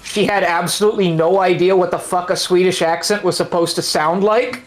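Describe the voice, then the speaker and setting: A man's voice: sits high, fairly even intonation, a little fast. A man co-hosting a game stream in casual chat, telling trivia and swearing freely. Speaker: stream co-host.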